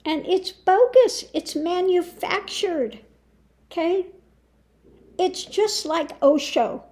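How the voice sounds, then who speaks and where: Slow-spoken high-voiced woman. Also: a little mellow. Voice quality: slow, deliberate with long pauses and frequent laughs. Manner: scornful, emphatic, mocking. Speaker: spiritual teacher. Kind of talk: casual monologue.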